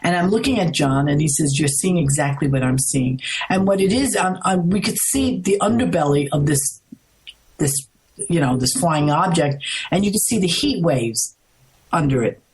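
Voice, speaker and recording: Middle-aged woman, interview guest, rambly excited storytelling, kinda husky voice. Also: on the low side, normal speed, low-quality recording. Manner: animated, rambling with restarts. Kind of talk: casual storytelling.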